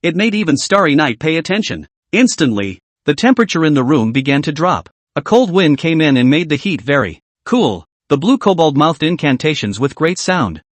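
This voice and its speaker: A man narrating a comic recap in a lively, dramatic way. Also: on the high side, normal speed, few pauses, dry recording.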